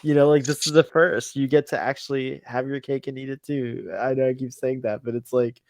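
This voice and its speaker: A man's voice: medium pitch, level tone, a little fast, a little mellow, dry recording. A man co-hosting a casual podcast chat, enthusiastic, laughing a lot and using many fillers. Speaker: podcast co-host.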